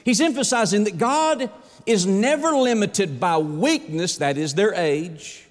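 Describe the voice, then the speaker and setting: A man's voice: sits high, big pitch swings, unhurried. A man preaching a sermon as pastor, folksy and emphatic, asking the congregation rhetorical questions. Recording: echoey hall reverb.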